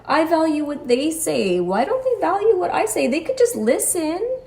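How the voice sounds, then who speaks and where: A woman's voice: high voice, sing-song, normal speed, a little mellow. A woman telling her own story as a patient in a personal monologue, articulate and precise, with a wry, exasperated edge. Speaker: cancer patient sharing her experience.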